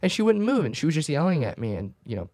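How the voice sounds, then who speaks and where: A man co-hosting a podcast, telling animated anecdotes with laughing asides in casual chat. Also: a little high, very fast, dry recording. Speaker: podcast co-host.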